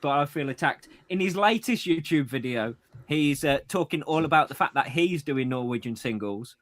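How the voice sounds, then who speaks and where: A man's voice: on the high side, lively intonation, normal speed, a bit bright, dry recording. A man co-hosting a podcast in casual chat, reading out listener messages and laughing often. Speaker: podcast co-host.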